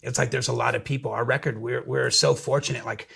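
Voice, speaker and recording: A middle-aged man, a musician guest, telling stories in a casual interview, profane and energetic with frequent restarts. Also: mid-range voice, quick pace, creaky, slightly rough.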